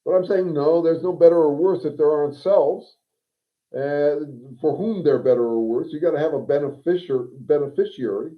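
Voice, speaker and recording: A man with a fairly high voice talks through ideas on a livestream, circling back and restarting his sentences. His audio is thin and phone-like. He sounds wry and unscripted. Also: moderate pace. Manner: digressive, thinking aloud with restarts; wry, reads viewer comments aloud. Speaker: livestream host and consultant.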